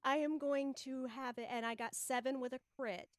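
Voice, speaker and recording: A woman's voice: sits high, steady tone, moderate pace, no echo, studio quality. Brief: woman player, matter-of-fact, describing a ritual in a tabletop game. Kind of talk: tabletop game play, explaining moves.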